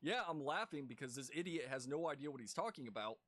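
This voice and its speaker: A man's voice: mid-range voice, animated, fast talker, fairly bright tone, no room sound. Scornful man reacting, dry close sound. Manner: scornful, repeating himself in disbelief. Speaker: reaction video reviewer. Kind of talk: exasperated commentary over a video.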